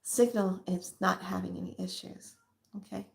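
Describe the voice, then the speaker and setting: A woman's voice: mid-range voice, fairly even intonation, moderate pace, gravelly. Emphatic woman preaching in an echoey room. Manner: emphatic and preachy, with spontaneous asides. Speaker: spiritual channel host. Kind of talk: casual spiritual talk to viewers.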